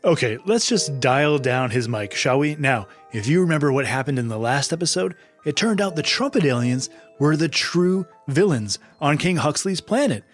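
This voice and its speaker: A man's voice: fairly high pitch, lively intonation, normal speed, few pauses, faint music behind. A man hosting and narrating a scripted children's adventure story, patient and friendly. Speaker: host and narrator.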